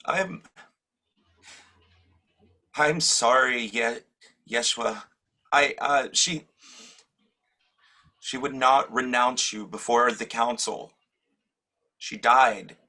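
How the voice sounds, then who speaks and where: An actor playing an anxious male disciple in an audio drama, often halting and stammering. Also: mid-range voice, bright, forceful tone, full character voice. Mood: nervous.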